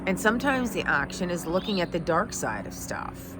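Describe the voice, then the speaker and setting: A woman's voice: fairly low pitch, very animated, moderate pace, background noise. A middle-aged woman, a life coach, telling a personal story in an emotional, heartfelt way. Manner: emotional, heartfelt, teary at times.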